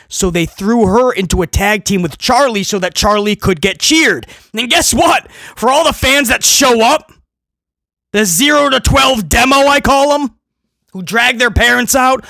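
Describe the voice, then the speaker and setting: A man reviewing a wrestling show in casual commentary, animated and full of mocking asides and quick impressions. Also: high-pitched, no room sound.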